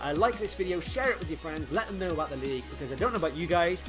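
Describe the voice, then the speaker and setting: A young man co-hosting in a casual, excitable, jokey chat. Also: on the high side, rapid-fire, over music. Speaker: co-host of a game league channel.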